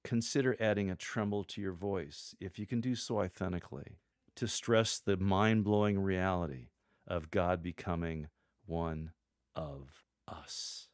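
A man with a fairly low voice gives scripted, measured coaching to church lectors. He reads sample lines aloud to show the delivery he means. The recording is close and dry, with no room sound. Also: fairly even intonation, no echo. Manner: measured, demonstrates readings aloud. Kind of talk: scripted teaching narration.

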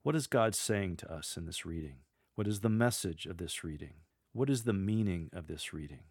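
A middle-aged man teaching church lectors how to proclaim a reading, measured and deliberate, pausing to model the lines. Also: sits low, lively intonation, no echo, studio quality. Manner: measured, demonstrates readings aloud with deliberate pauses. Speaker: lector coach. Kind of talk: instructional podcast on scripture reading.

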